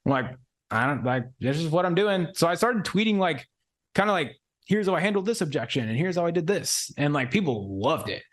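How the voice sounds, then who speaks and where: A man's voice: a little high, sing-song, fairly quick. A man in his twenties, a podcast guest telling a story in loose, slangy casual chat full of "like" and "bro". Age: 20s.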